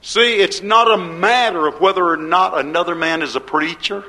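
A man preaching a sermon as pastor. He speaks fervently in folksy grammar, asks rhetorical questions, and swings between loud and hushed. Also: high voice, normal speed, low-quality recording.

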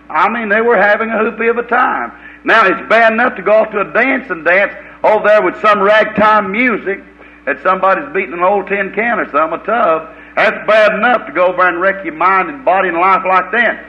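A man preaching a fiery, folksy revival sermon, swinging from loud preaching to low muttered asides. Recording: dull lo-fi old recording.

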